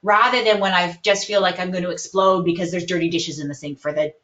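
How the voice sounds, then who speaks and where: Calm explaining woman in a roomy room. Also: fairly low pitch, fast talker. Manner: calm, explanatory, many hedging "kind of"s. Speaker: psychologist guest. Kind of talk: webinar Q&A explanation. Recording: roomy, dull lo-fi webinar audio.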